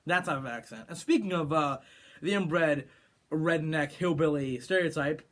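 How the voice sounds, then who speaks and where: A man's voice: fairly high pitch, normal speed, a bit bright. A man from California giving an opinionated movie review rant, sarcastic and rambling with frequent restarts. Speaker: film reviewer.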